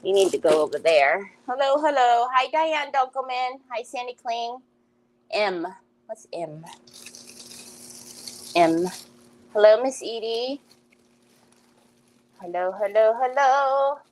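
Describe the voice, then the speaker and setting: A woman hosting a craft livestream from home, chatting casually with live viewers, greeting them by name and breaking into loud laughs and exclamations. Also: fairly high pitch, animated, slow, long pauses, rough recording.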